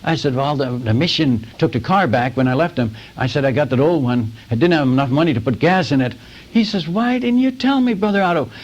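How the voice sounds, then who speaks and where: A man preaching a sermon as an animated storyteller who acts out the other people's lines in his own telling. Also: medium pitch, brisk, dull audio. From United States. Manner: animated storyteller acting out dialogue.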